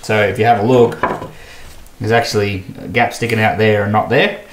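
In a boat shed workshop, an Australian boat builder vlogger talks casually as he works, thinking aloud and picking at his own mistakes in an easygoing way. His lowish voice is steady at a moderate pace, and the room sounds echoey with faint background noise.

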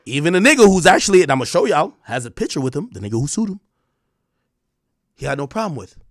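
Animated ranting male streamer. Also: a little high, fast, no echo, clean studio sound. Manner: animated, profane, mocking. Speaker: streamer commentator. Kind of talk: ranting commentary.

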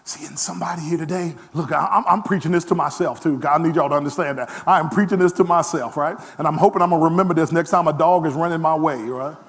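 A man preaching a lively sermon as pastor, self-deprecating, with frequent call-and-response asides. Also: on the high side, quick pace, hardly any pauses.

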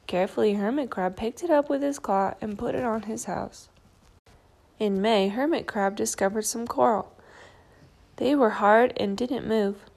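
A woman reading a children's picture book aloud in a calm, clear storytelling manner. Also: medium pitch, moderate pace. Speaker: storybook reader.

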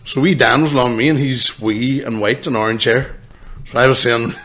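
A man's voice: medium pitch, moderate pace, fairly bright tone. A man, hosting a podcast and telling rambling, swearing stories between bursts of laughter. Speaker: podcast host. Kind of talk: casual chat.

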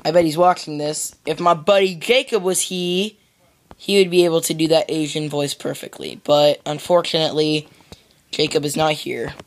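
A man's voice: on the high side, little pitch movement, moderate pace. A young American man rambling through casual gameplay commentary, goofy and full of silly "boop" sound effects. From United States. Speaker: gamer.

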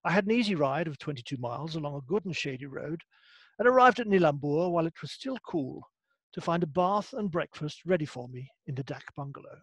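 A man's voice: a little high, animated, brisk, breathy edge, dry recording. A man putting on the voice of a genteel Edwardian British army officer, reading out a plummy account. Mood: leisurely. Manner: plummy upper-class reading voice.

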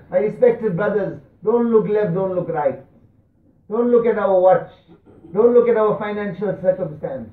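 Man, high-pitched impassioned preacher, far off, tinny phone-like sound. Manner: impassioned, rising to high cries and dropping to hushed tones. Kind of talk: sermon. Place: large mosque hall. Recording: distant, tinny, echoey mosque recording.

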